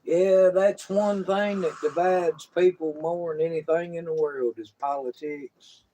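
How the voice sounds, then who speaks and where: A man's voice: fairly high pitch, steady tone, measured pace, mellow, rough recording. An older man co-hosting a casual live stream, rambling easily and reading out viewer names.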